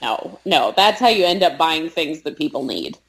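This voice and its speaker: A woman's voice: deep voice, very animated, normal speed. A woman co-hosting a casual podcast chat with a dry, sarcastic manner. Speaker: podcast co-host.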